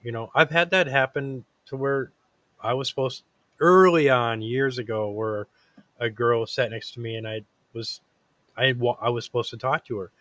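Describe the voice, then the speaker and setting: A man hosting a casual talk show, speaking earnestly in a rambling way, full of fillers and false starts. His voice sits at a middling pitch and is recorded close and dry, with no room sound. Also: normal speed, a bit bright, no room sound. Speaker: podcast host. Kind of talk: casual chat.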